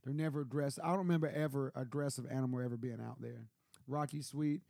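A man's voice: mid-range voice, fairly even intonation, quick pace, creaky, dark tone, no room sound, studio quality. A man telling stories in casual chat, laughing often and acting out voices.

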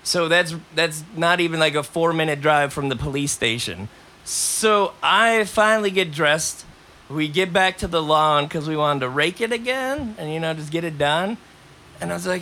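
A man hosting a podcast who tells a long, rambling story in a casual, animated way and coughs between lines. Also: on the high side, moderate pace. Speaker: podcast host.

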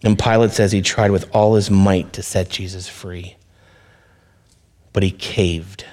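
A man's voice: sits low, steady tone, measured pace, a little mellow. A male pastor preaching a sermon in an earnest, conversational way, speaking directly to his listeners.

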